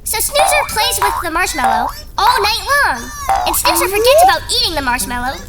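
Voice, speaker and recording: An excitable childlike puppet, narrating in a very high voice that leaps all over the place. Bursts into eager shouts between bouncy storytelling, with music behind. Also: fairly quick. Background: background music.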